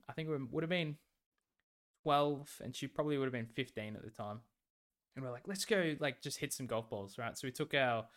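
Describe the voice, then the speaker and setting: A man's voice: medium pitch, a bit bright. A young man in his twenties, co-hosting a podcast and telling a story in a laid-back way, swearing freely and laughing often. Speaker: podcast co-host. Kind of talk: casual chat.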